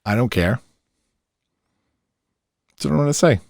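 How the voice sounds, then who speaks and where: A man's voice: mid-range voice, expressive, a little slow, gravelly, no room sound, clean studio sound. A brash, emphatic middle-aged man, hosting a podcast in an opinionated monologue. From New York, Long Island. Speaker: podcast host.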